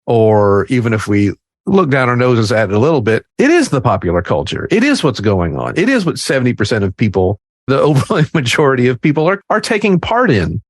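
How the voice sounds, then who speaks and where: A man's voice: mid-range voice, sing-song, a little fast, no room sound, clean studio sound. A man, an improv teacher co-hosting a podcast, talking casually with playful asides and laughter.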